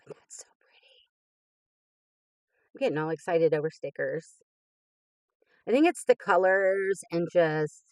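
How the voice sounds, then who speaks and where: A woman's voice: a little high, a little mellow, no echo. A woman in her fifties hosting a crafting channel, gushing with enthusiasm as she opens happy mail in casual chat. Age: 50s. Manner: gushing and enthusiastic, frequent laughs.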